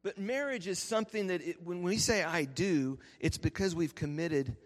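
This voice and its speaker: A man, a pastor preaching a sermon and telling lively stories that he laughs through. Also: medium pitch. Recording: reverberant church hall.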